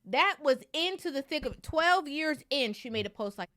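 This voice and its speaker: A woman's voice: sits high, animated, normal speed, bright, forceful tone. A woman co-hosting a podcast, casually explaining a viral clip with lots of "like" and "right?". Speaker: podcast co-host.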